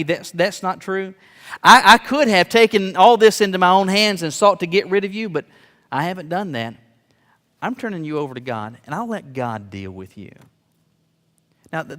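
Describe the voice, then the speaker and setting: A man's voice: fairly high pitch, a bit bright. A man preaching a sermon earnestly, with emphatic rising peaks and small stammered restarts. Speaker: pastor. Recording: long hall reverb.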